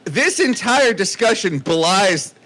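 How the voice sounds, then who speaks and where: A man's voice: sits high, sing-song, a little slow, a bit bright. A man speaking as a podcast guest in casual chat, sarcastic and swearing, with mock-outraged jokes.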